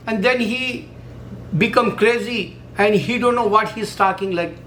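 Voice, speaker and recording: A man speaking halting, repetitive in a casual monologue, full of fillers. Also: extremely high pitch, fairly even intonation, pushed and bright, slight background noise, rough recording. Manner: halting, repetitive non-native English with many fillers. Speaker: religious video maker.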